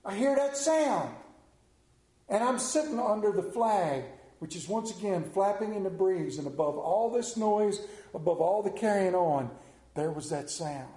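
A middle-aged man preaching a sermon, telling folksy stories and swinging between hushed and animated delivery. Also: high voice, a little slow. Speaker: pastor. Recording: echoey room.

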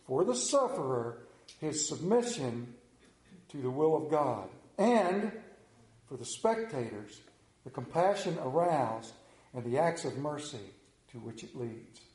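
A middle-aged male pastor delivers a sermon in a noticeably high voice. He tells stories in an animated way and asks his listeners questions. The recording carries the roomy echo of a church. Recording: echoey church room.

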